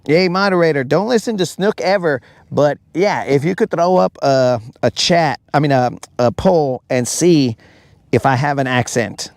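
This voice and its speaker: Man, live fishing stream host, joking banter, fairly high voice, outdoors on a boat. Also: normal speed, dry recording. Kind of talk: casual live-stream chat.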